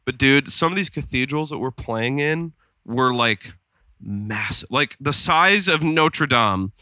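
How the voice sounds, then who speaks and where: A man's voice: mid-range voice, expressive, measured pace, bright, forceful tone, clear, resonant tone, dry recording. A man co-hosting a podcast in casual chat, rambling through stories with lots of fillers. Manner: rambling storyteller with many fillers. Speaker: podcast co-host. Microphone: studio podcast mic.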